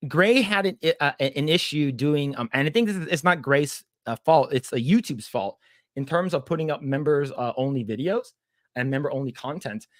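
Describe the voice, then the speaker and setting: A man's voice: fairly high pitch, fairly quick, no echo, clean studio sound. A man co-hosting a casual livestream, stammering and repeating words as he reads the chat aloud. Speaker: podcast co-host.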